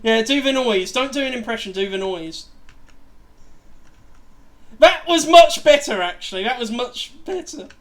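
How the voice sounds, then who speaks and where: A man's voice: very high voice, expressive, unhurried, long pauses, fairly bright tone. A man hosting a casual livestream, chatting in a rambling, self-deprecating way. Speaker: livestream host. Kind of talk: casual chat on a gaming livestream.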